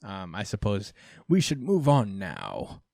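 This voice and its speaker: A man's voice: lowish voice, huge pitch swings, slow pace, vocal fry, darkish tone, no room sound, clean studio sound. A man hosting a casual podcast, recapping with lots of fillers and acted-out quotes. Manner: rambling recap, many fillers, acts out quotes. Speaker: podcast host.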